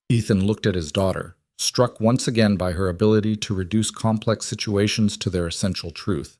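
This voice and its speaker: Low-voiced man narrating a story. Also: normal speed, few pauses, a little mellow, dry recording, clean studio sound.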